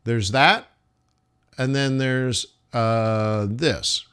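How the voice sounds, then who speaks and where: On his live forex stream, the man reasons aloud over the charts at a slow, reflective pace, addressing chat as "guys." His medium-pitched voice sounds smooth and a bit bright.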